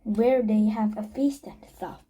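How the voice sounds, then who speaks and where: A woman voicing a cautious, bookish young boy in a read-aloud storybook, with halting delivery and restarts. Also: a little high, warm tone, breathy edge, poor audio. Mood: plain.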